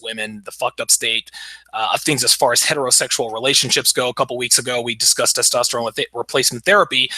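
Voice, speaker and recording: A man hosting a casual podcast chat, talking in a crude, mocking, animated way. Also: medium pitch, no room sound, rough recording. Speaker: podcast host.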